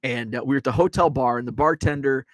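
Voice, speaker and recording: A man's voice: mid-range voice, quick pace, dry recording. A man from Illinois hosting a casual livestream, rambling and restarting often as he reads out viewer comments. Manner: rambling, with many restarts and fillers. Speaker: sports card collector and channel host.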